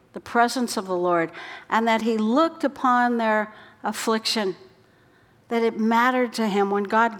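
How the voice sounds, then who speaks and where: A woman preaching a sermon in an earnest way, her voice dropping soft for quoted words. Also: medium pitch. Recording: long hall reverb.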